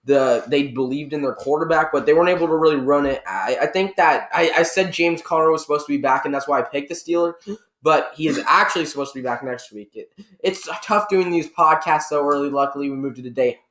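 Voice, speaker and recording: A man talks through a weekend of football in a loose, rambling way, often stopping to correct himself. His voice sits a bit high for a man. The sound bounces around an echoey room. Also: fast talker, a bit bright. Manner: rambling, self-correcting game recap. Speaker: sports podcast co-host. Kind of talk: casual sports analysis chat.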